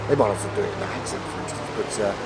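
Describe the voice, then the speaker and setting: A man with a cold and a nasal voice, commentating an online sim racing league, rambling into asides and getting excited during close battles. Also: on the low side, rapid-fire, gravelly. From not American. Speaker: race commentator. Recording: game music and engine noise behind. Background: racing game audio and music.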